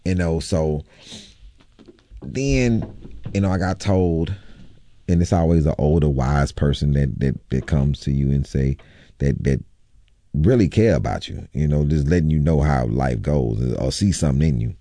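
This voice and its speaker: A male comedian, a guest on an interview show, telling stories in an animated, sarcastic way. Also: rumbling low, moderate pace, vocal fry, no room sound. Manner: animated, sarcastic, laughing storytelling. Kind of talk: storytelling interview.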